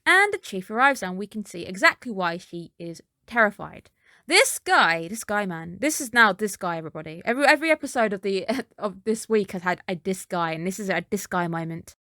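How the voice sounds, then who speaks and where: A woman's voice: medium pitch, animated, fairly quick, pushed and bright, no room sound, clean studio sound. Chatty woman recapping an anime episode. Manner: chatty, with skeptical asides. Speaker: anime reviewer. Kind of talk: casual episode recap and commentary.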